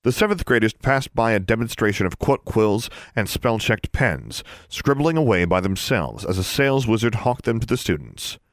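A man with a low voice reading a novel aloud, his pitch rising and falling lively across each sentence. The recording is close and completely dry. He tells the story steadily between character voices. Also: normal speed, hardly any pauses, dry recording. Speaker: audiobook narrator. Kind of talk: scripted narration.

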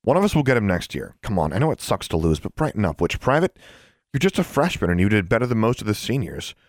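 A man's voice: on the low side, sing-song, fast talker, no room sound, studio quality, voice pushed up. A man voicing a firm, encouraging older teenage witch girl.

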